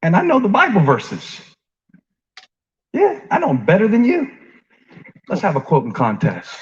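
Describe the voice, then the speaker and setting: A preacher whose voice sits high for a man, delivering a chatty sermon. He draws the congregation in with questions and jokes, then drops soft before climbing again. The recording sounds muffled and lo-fi. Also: wildly swooping pitch, moderate pace, long pauses. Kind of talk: conversational sermon. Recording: dull lo-fi sound.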